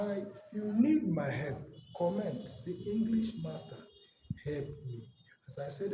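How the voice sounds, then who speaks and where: A man teaching an exam-prep English lesson, posing questions and answering them himself while repeating key terms. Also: on the high side. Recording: roomy, distant mic, loud background noise.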